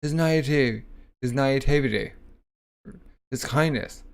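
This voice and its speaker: A man reading as a gruff street-tough youth. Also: mid-range voice, takes it slowly. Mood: solemn.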